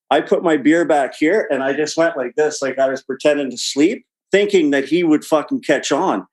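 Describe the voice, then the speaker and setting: A man's voice: on the high side, normal speed, low-quality recording. A man telling a rambling locker-room story with lots of swearing and laughter, speaking as an interview guest. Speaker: guest, former hockey player. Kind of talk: casual storytelling.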